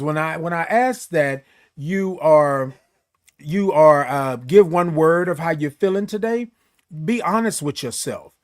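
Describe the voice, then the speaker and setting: This host's voice sits high as he runs an informal morning stream. He welcomes people by name with drawn-out, lilting greetings and chats in a calm, encouraging way.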